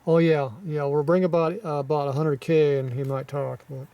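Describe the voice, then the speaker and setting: A man with a scratchy, sore throat reading viewer comments in a casual, offhand way, clearing his throat often and muttering asides. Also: fairly high pitch, level tone, normal speed, no echo, far from the mic, dull audio.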